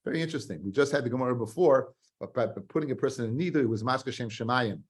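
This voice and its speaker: A man's voice: medium pitch, racing. A man, a rabbi teaching a Talmud study lesson. He repeats phrases for emphasis and mixes Hebrew and Aramaic terms into his English. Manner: animated, swings between loud emphasis and quiet earnest stress, repeats phrases.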